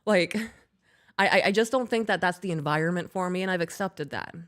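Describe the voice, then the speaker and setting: A woman co-hosting a podcast, chatting casually and bluntly. She swears freely and laughs her way through stories. Her voice sits a bit low for a woman. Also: normal speed. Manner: blunt, profane, laughing while storytelling. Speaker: podcast co-host.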